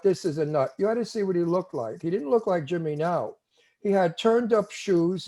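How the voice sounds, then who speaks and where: Older brooklyn guy spinning stories in an interview, mellow voice, kinda high. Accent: Brooklyn New York. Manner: animated storyteller, acts out quotes. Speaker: TV show host, interviewee. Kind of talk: casual storytelling interview.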